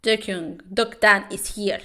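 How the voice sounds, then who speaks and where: A woman's voice: medium pitch, steady tone, pushed and bright. A woman doing an urgent, worried coach. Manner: urgent, hurried.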